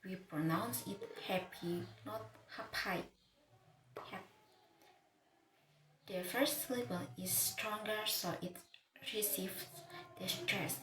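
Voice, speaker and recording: A woman slowly explaining a lesson as a teacher. She talks haltingly and often restarts words partway through. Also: mid-range voice, pushed and bright. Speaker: English teacher. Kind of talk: slow, careful lesson explanation. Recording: echoey room with faint ambient noise.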